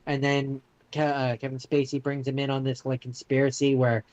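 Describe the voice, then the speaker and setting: A man co-hosting a casual movie podcast, talking in a rambling, halting way with lots of fillers and restarts. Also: mid-range voice, completely flat delivery, a little mellow, no echo, dull audio. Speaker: podcast co-host. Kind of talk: casual chat.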